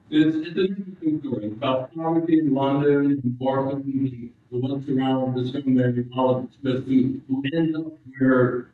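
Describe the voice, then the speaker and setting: A man preaching a sermon in a church, telling a story with halting restarts and rising emphasis. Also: mid-range voice. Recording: distant, roomy, muffled hall sound.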